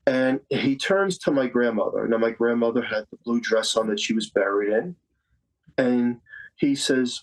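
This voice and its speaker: A man in his fifties from Staten Island, New York, appears as a guest psychic medium, earnestly telling a personal story in conversation and repeating phrases for emphasis. His voice is mid-range and his pace moderate, though the audio quality is poor.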